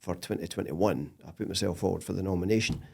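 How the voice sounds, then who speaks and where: Scottish man, middle-aged, lowish voice, animated storyteller, podcast guest. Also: fast talker, vocal fry, slight background noise. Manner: animated storyteller, laughs often. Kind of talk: casual interview chat.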